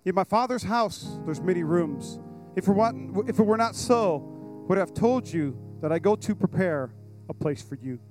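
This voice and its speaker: A man preaching to a congregation at a church service, excited and casual, with slang and asides to the crowd. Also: sits high, normal speed, over music. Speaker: pastor. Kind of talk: lively sermon at a church service.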